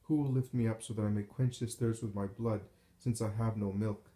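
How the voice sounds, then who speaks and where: A man's voice: fairly low pitch, steady tone, fairly quick, mellow, lightly acted. A man voicing a grieving mother who cries out in anguished lament at her dying son's cross, in a roomy, echoing recording. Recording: roomy echo.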